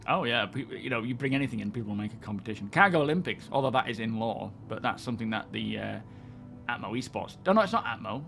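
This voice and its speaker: A man's voice: mid-range voice, lively intonation, fast talker, vocal fry, fairly bright tone. Man, live-stream host, casual rambling chat, greets viewers, faint background music.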